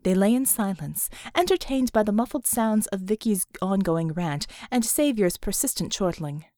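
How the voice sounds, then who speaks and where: A woman narrating an audiobook in an even, measured reading voice. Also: mid-range voice, dry recording, studio quality. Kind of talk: scripted narration.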